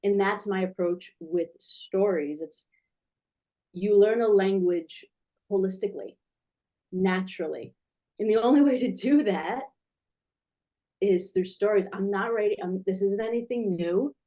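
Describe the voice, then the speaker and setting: Woman, 40s, mid-pitched, eager and rambling, a teacher guest on a video call. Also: a little slow, pauses often, dark tone. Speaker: guest, children's language teacher. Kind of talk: casual video interview.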